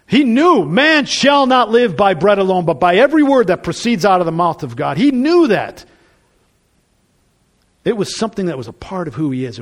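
Animated high-voiced male preacher. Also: slightly rough. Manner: conversational preaching, rising to emphatic bursts. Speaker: pastor. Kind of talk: sermon.

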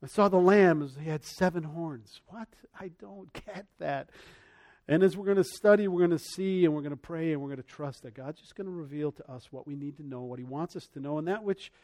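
A man preaching a sermon as pastor, animated, swinging between loud passages and soft ones, acting out the voices he quotes. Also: a little high, fairly quick.

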